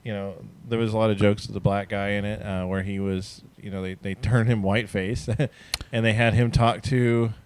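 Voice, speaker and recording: A man co-hosting a casual movie review, easygoing and hesitant, often pausing with fillers. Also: fairly low pitch, flat delivery, slight background noise.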